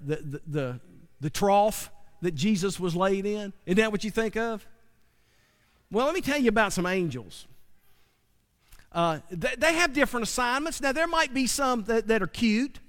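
A man preaching, his voice pitched high for a man. He talks in a folksy, chatty way and keeps asking the congregation questions. The sound carries a long reverb, like a large hall. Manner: folksy, conversational, asks the audience questions. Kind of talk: sermon.

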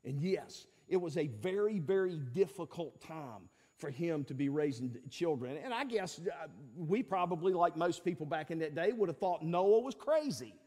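A man's voice: a little high, lively intonation, normal speed, hardly any pauses, a little mellow, big-room sound. A male pastor, preaching a sermon in a conversational, folksy way with fillers and emphatic peaks.

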